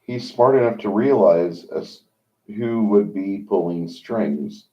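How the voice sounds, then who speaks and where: A man hosting a livestream, talking in a rambling, opinionated monologue with many halts. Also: on the low side. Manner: rambling, opinionated, halting with fillers. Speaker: livestream host. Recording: dull lo-fi sound.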